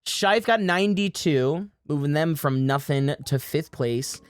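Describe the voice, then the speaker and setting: A woman's voice: low voice, a little slow, dry recording. A woman hosting a casual game livestream, joking and swearing freely as she runs community games. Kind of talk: casual game-stream chat. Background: faint music.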